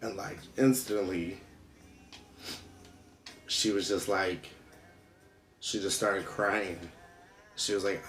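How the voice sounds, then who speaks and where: A man's voice: low-pitched, steady tone, fairly bright tone, roomy sound, faint music behind. A young father speaking in a personal vlog, rambling and restarting, with many fillers. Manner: rambling, heavy use of "like", halting restarts. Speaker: father vlogger.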